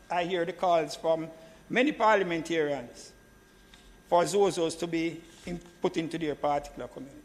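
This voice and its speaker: A man speaks in a notably high register, pressing his points in a parliamentary debate. He repeats his phrases for emphasis and keeps turning back to the chair. His voice carries a long reverb from the senate chamber. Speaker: government senator.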